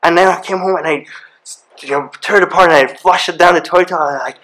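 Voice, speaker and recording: A man, speaking on a live university panel and telling personal stories with rising excitement. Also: on the high side, fast talker, low-quality recording. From Iran. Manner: animated storyteller, grows excited. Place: university event room.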